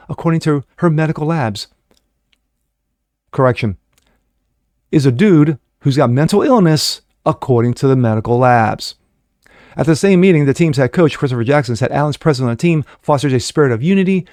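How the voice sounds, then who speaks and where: A man's voice: on the high side, expressive, fairly quick, a little mellow, no room sound. A man hosting a daily commentary show, talking in a sarcastic, mocking, loose and conversational way into a close mic.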